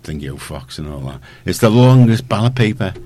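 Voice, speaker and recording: A man's voice: low-pitched, expressive, a little fast, darkish tone. A man hosting a casual radio chat, rambling and sarcastic, with many restarts. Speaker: radio show host.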